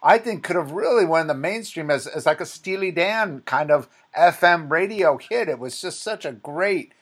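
A man's voice: a little high, expressive, normal speed, a bit bright. A man hosting a podcast interview in a casual, enthusiastic way, talking like a fan. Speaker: podcast host.

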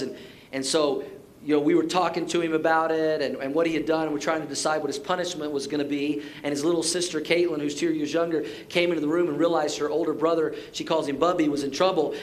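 A middle-aged male pastor with a fairly high voice delivers a sermon. He talks like he's chatting, full of personal stories, restarts and asides. The tone stays easygoing and plainspoken. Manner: conversational storytelling with repeated words and asides.

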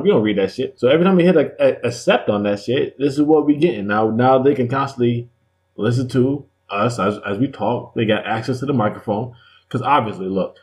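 Slangy, emphatic male podcast co-host. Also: medium pitch. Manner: emphatic, repeats words, slangy. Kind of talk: casual studio banter. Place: podcast studio.

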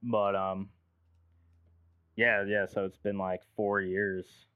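A man's voice: fairly low pitch, level tone, slow pace, clear, resonant tone, no room sound. Man with a dull, dry sound. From United States. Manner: loose storytelling, heavy filler "like", swears casually. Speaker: guest producer. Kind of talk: casual podcast chat.

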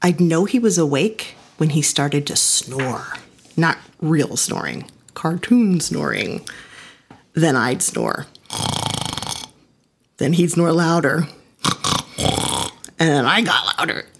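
A woman's voice: low-pitched, animated, slow, gravelly, pauses often, a little hiss or hum. A woman giving a reflective first-person storytelling performance with an intimate, personal delivery.

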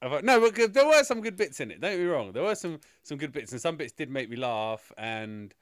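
A man's voice: a little high, very animated, brisk. A man rants about a film on a casual podcast. He rambles, swears freely and sounds exasperated, and his voice is close and dry with no room echo. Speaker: film reviewer.

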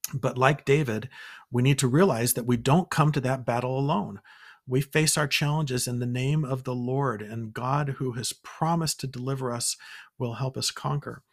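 Earnest man teaching a scripture lesson. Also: mid-range voice. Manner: earnest, encouraging, retells stories with quoted dialogue. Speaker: podcast host. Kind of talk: scripture study talk.

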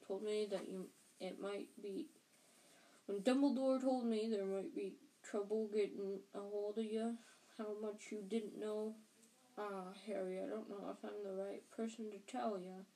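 A huge, gentle groundskeeper from a storybook, speaking in a low, worried voice that halts and restarts, as a woman reading aloud puts him on. He talks slowly, with a warm, mellow tone. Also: lightly acted, poor audio.

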